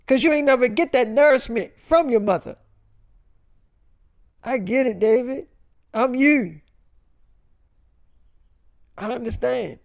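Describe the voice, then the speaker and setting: Man, unscripted preachy rant, heavy swearing, rambling and blunt. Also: extremely high pitch. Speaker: self-styled prophet vlogger. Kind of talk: profane freestyle monologue.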